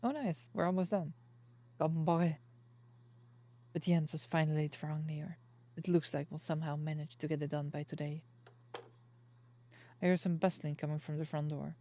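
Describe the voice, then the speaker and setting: A young woman streamer reading a story game aloud, steady in the narration and breaking into excited outbursts. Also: deep voice, brisk. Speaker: virtual streamer. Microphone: streaming mic. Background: soft game music.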